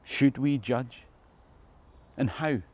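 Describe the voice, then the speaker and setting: List: Scottish man, history tour guide, scripted narration, reflective, rhetorical questions, mid-pitched voice. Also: extremely slow, darkish tone. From Scotland.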